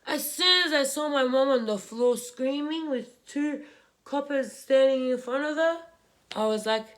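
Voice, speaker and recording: Tearful young woman, halting. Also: high voice. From Australia. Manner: tearful, halting, repeats herself. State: crying. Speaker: vlogger. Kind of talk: emotional personal story while doing makeup. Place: home room, indoors.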